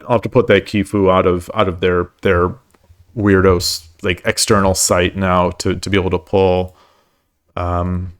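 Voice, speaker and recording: A man streaming himself playing shogi online at home, rambling and stammering with lots of repeated words and joking at his own losing streak. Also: deep voice. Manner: self-deprecating about his losses. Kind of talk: live-stream commentary while playing.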